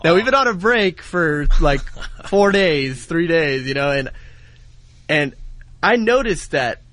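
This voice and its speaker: A man's voice: a little high, lively intonation, unhurried, a bit bright, no room sound. A young man, an intern, retelling a breakup on the radio in a rambling, heated way with many fillers. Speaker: intern telling his story on air. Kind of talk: casual storytelling.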